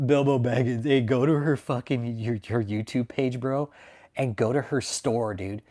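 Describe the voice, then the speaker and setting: A man's voice: mid-range voice, fairly even intonation, moderate pace, warm tone. A man from Texas, hosting a casual livestream chat, swearing constantly, mocking and laughing often. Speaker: livestream host.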